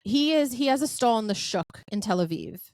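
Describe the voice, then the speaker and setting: A woman's voice: on the high side, fairly quick, dry recording. A woman hosting a podcast in casual chat, talking in a chatty, effusive way with plenty of filler words. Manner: lively storyteller who acts out quoted dialogue. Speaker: podcast host.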